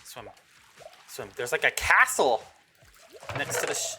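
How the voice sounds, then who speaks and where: A young woman hosting a survival game video, reacting loudly and dramatically as she plays. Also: rumbling low, moderate pace, pauses often, background noise. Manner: excitable, dramatic exclaiming reactions. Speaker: gaming channel host.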